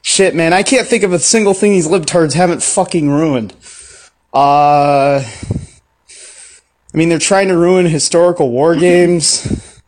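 Guy putting on a whiny fuming dude, kinda high, slow and sputtering, swearing nonstop. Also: darkish tone. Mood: mock-angry. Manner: sputtering, profane, comically self-pitying. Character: whiny, furious young man ranting about everything being ruined.

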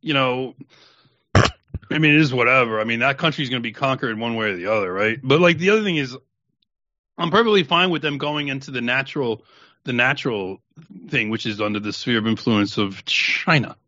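A man's voice: medium pitch, a little fast, pushed and bright, dry recording, dull audio. A man on a podcast chatting in a rambling way, with lots of "I mean" as he thinks aloud. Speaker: podcast co-host. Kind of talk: casual chat.

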